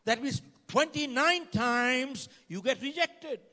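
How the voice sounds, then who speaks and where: His very high voice is expressive and sharp in tone, at a slow pace. An older motivational speaker, he gives a keynote to a live audience in a conference hall, recorded with reverberant hall sound, telling dramatic stories, acting out dialogue, and asking the crowd questions.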